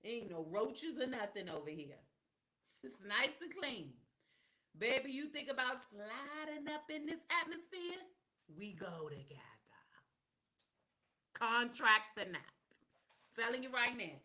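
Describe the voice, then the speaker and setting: A middle-aged woman hosts a live podcast in casual chat. Her voice sits a bit high and sounds bright and forward, and she tells her stories in a candid, sassy way. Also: expressive, measured pace. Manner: candid, sassy storytelling with slang and laughter. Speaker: podcast host.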